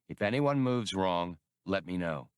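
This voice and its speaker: A man's voice: sits low, lively intonation, a little slow, clear, resonant tone, dry recording, studio quality. A man voicing a cocky male starship captain who speaks in wry, clipped orders.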